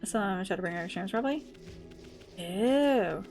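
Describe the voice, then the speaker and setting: A woman's voice: mid-range voice, expressive, brisk, pauses often, darkish tone, soft background music. A woman streaming a game live, chatting casually, laughing often and cooing at her dog. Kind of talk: casual livestream chat.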